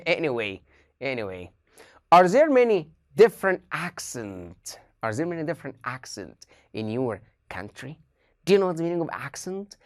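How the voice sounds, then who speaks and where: A woman's voice: low-pitched, big pitch swings, moderate pace, no echo, studio quality. A woman teacher gives an online English lesson, asking her students many questions and repeating key phrases.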